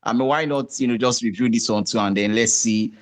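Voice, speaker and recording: A man with a Nigerian accent hosting a music podcast in casual chat, relaxed and full of fillers, slipping into pidgin. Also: mid-range voice, a little fast. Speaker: podcast host.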